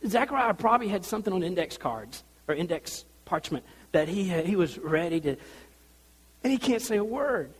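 A male pastor preaching a sermon, telling the story in an animated way and acting out the people in it. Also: high voice, moderate pace, slightly rough, long reverb tail.

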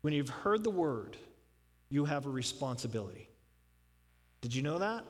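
A man's voice: on the high side, big pitch swings, normal speed. A man preaching a sermon as pastor, emphatic and rising into fervent appeals, then closing in prayer. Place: church sanctuary. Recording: long hall reverb.

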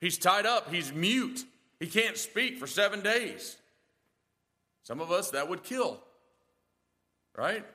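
High-voiced man preaching emphatically. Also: sing-song, slow pace, long pauses, bright, forceful tone, long reverb tail. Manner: emphatic preaching with rhetorical questions. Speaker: pastor. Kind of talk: sermon.

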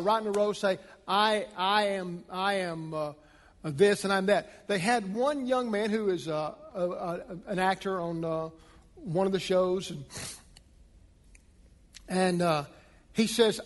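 Delivering an emphatic sermon, a pastor builds with rising force to a preaching pitch. His voice is high, light and fairly bright, and a long reverb makes it ring out as though in a large hall.

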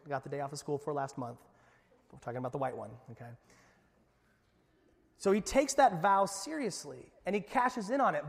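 A man, a pastor, preaching a conversational sermon with lively asides. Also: a little high, creaky. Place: church sanctuary. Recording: long echo of a church hall.

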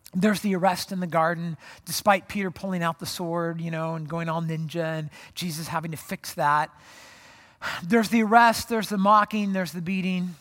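Pastor preaching in an echoey hall. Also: medium pitch. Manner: conversational, animated storytelling with restarts. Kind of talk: sermon. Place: worship service hall. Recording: long hall reverb.

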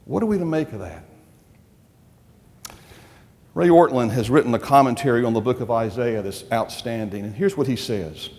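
A man's voice: mid-range voice, a little fast, a little mellow, in a large hall. A male pastor preaching a sermon, emphatic and full of rhetorical questions to the congregation. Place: church.

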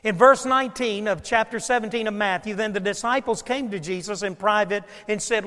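A male pastor preaching a sermon, swinging between loud emphatic lines and hushed, quiet asides. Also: high voice, fairly quick, few pauses. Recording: long hall reverb.

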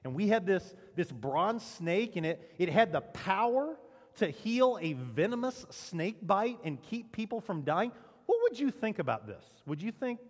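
A man preaching a sermon as pastor, with dramatic emphasis and a lively delivery. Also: normal speed, in a large hall. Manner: animated preaching with dramatic emphasis and lowered punchlines. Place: church sanctuary.

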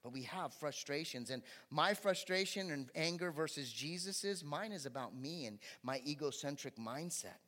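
A man's voice: a little high, animated, moderate pace, hardly any pauses, bright, forceful tone. Man preaching a conversational sermon. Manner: conversational preaching with rising emphatic bursts. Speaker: pastor.

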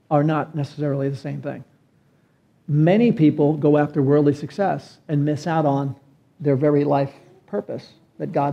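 A man's high, mellow voice delivers an earnest sermon, lifting into emphatic peaks on key phrases. The recording sounds a little dull and lo-fi. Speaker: pastor.

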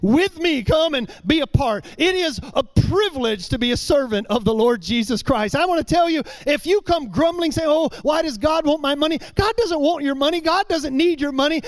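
A middle-aged man preaching a sermon, emphatic, repeating his phrases and slowing down for key lines. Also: very high voice.

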